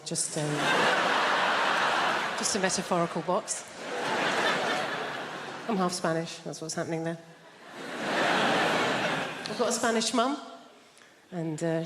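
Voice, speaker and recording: An English stand-up comedian performs on a large theatre stage, dry and self-deprecating with hesitant fillers, before a loud live audience. Her voice is fairly low, with big-room sound and very noisy audio.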